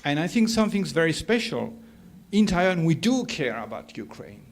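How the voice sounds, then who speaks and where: A man speaking off the cuff at a scholarly workshop. His voice sits a little high with a gravelly edge, and he pauses often with fillers before pressing his points hard. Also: sing-song, faint music behind. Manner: hesitant, many fillers, growing emotional and emphatic. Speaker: sociologist at a workshop. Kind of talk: academic discussion.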